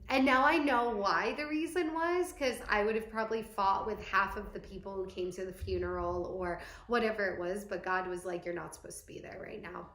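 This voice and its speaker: A young woman shares a painful personal story in a candid, talky way, full of fillers. Her voice sits at a middle pitch. The room around her is echoey. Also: a bit bright. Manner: candid, tearful storytelling with frequent "like". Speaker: vlogger.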